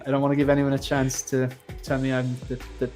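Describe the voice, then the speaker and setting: A man's voice: mid-range voice, completely flat delivery, fast talker, darkish tone, soft background music. A man with an Irish accent hosting a casual livestream, chatting and reading out viewer comments. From Ireland. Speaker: livestream host. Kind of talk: casual chat.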